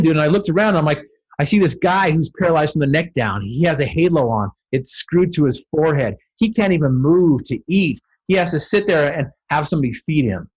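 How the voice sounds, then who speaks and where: A man's voice: fairly high pitch, breathy edge. A man speaking as a podcast guest, telling a personal story with dramatic, building emphasis.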